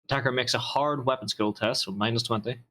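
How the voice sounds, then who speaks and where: A man's voice: mid-range voice, fairly even intonation, fast, a bit bright, a little hiss or hum. A man playing a tabletop game, reading the rules aloud and stumbling over restarts. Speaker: player. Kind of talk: casual tabletop game chat.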